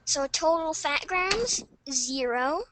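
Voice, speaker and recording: High-voiced student reading slowly. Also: female voice, lively intonation, noisy background. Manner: slow, listing items one by one. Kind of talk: reading out a label in class. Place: classroom.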